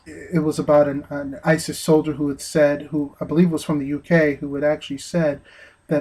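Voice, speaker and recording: A man giving an earnest opinion monologue, speaking haltingly with frequent restarts. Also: a little high, level tone, a little mellow, poor audio. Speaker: vlogger.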